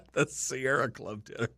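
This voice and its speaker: Clean studio audio with no room sound captures a male radio talk show host whose medium-pitched voice is a bit bright and slightly rough, with vocal fry. On a break, he's tired and yawning, rambling through an off-the-cuff livestream chat and making self-deprecating jokes with his audience.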